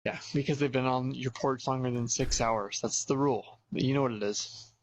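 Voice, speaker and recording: A man in a played clip, speaking in a flat, businesslike way about paying a fine. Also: medium pitch, normal speed.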